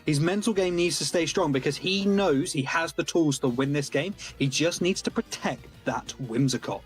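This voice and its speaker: Excitable male esports commentator, higher voice. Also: normal speed, soft background music. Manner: excitable, analytical play-by-play. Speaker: tournament commentator.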